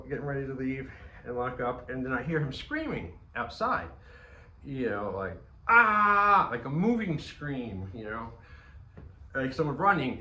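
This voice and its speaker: A man's voice: mid-range voice, a bit bright, roomy sound, poor audio. A man telling a casual, rambling anecdote, swearing often and restarting his sentences. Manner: rambling, profane, frequent restarts and fillers. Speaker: storyteller.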